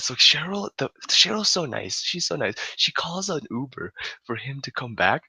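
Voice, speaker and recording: A young adult man telling a story in casual chat, animated and laughing, swearing freely. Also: fairly high pitch, a little slow, gravelly, breathy edge.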